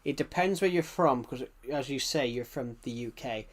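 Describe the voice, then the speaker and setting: A man's voice: medium pitch, normal speed. A man with a British accent, chatting casually on a live game stream, rambling and answering chat messages with frequent restarts. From United Kingdom.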